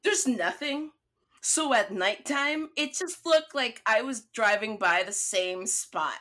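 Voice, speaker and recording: A woman's voice: fairly high pitch, slow. A young woman telling a story in casual chat, swearing freely and acting out her own lines. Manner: profane, animated storytelling.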